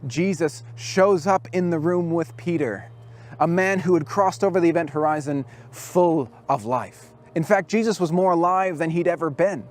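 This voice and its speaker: A man giving a storytelling sermon at a youth camp, dropping his voice low and soft for quoted words.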